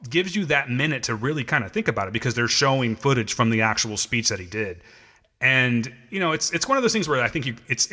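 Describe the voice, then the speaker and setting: Podcast guy rambling away, bright forceful voice, long echo on it. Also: medium pitch. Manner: rambling, with many restarts and fillers. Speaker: podcast co-host. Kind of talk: casual chat.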